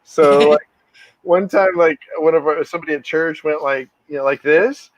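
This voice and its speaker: A man's voice: fairly high pitch, moderate pace, dry recording, muffled recording. A middle-aged man co-hosting a podcast, telling rambling, laughing anecdotes in casual chat. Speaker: podcast co-host.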